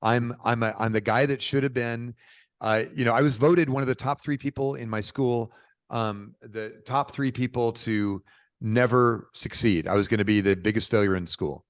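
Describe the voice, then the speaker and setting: A middle-aged man from Portland, Oregon, telling stories as a podcast guest in a lively, informal way. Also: medium pitch, moderate pace, clean tone, no room sound. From Portland, Oregon, USA. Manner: animated, informal, peppered with "dude" and "bro". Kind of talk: casual conversational storytelling.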